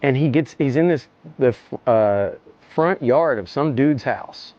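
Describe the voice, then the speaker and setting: A middle-aged man telling a story in a casual interview, animated and swearing, acting out the scene. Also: measured pace, lo-fi sound. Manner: animated, swearing, acts out the scene with jumps in pitch. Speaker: interview guest.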